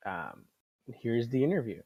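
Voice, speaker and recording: A man's voice: mid-range voice, sing-song, unhurried, creaky, warm tone, dry recording, lo-fi sound. A man in his twenties hosting a casual podcast chat, rambling, swearing often and laughing a lot. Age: 20s. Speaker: podcast host.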